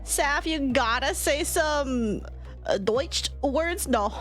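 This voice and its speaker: A woman's voice: sits high, lively intonation, slow, faint music behind. A young woman streaming a game in casual chat, laughing constantly and swearing freely. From United States.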